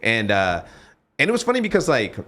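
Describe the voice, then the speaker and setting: A man's voice: medium pitch, huge pitch swings, fairly quick, a bit bright. A man in his forties hosting a podcast, talking candidly and rambling with frequent restarts. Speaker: podcast host. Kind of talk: casual podcast chat.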